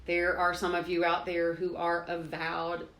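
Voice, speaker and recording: A woman's voice: lowish voice, monotone, measured pace, fairly bright tone. A woman hosting a home livestream, chatting with viewers by name, laughing easily and breaking into hymns. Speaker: host of a home cooking livestream. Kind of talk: casual livestream chat with singing. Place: home with doors open.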